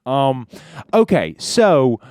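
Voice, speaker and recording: A man co-hosting a casual comedy podcast, joking and swearing, often cutting into quick asides. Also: mid-range voice, wildly swooping pitch, a little mellow, clear, resonant tone, dry recording, studio quality. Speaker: podcast co-host.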